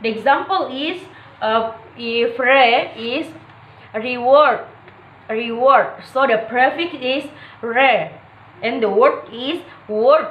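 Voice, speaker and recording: A woman with a Malay first language speaks in a high voice, slowly and haltingly, in an echoey room. She fills her pauses with "okay" and "uh" and says each example word several times. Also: muffled recording, slight background noise. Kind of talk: classroom presentation on English stress.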